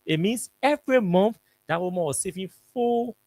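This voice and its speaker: A man's voice: high-pitched, animated, moderate pace, a little mellow, no echo. A man with a Liberian English accent, hosting a radio talk show and telling a story in a casual, emphatic way that repeats its points. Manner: repetitive, emphatic, colloquial. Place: radio studio.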